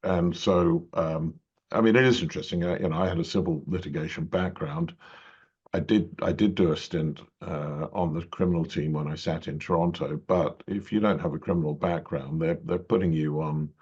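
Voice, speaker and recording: A man's voice: low voice, steady tone, normal speed, a little mellow, husky. A middle-aged man with an English accent, a judge telling long stories in an interview, full of fillers and restarts. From England. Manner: rambling, many fillers and restarts. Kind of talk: conversational interview storytelling. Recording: dull lo-fi audio.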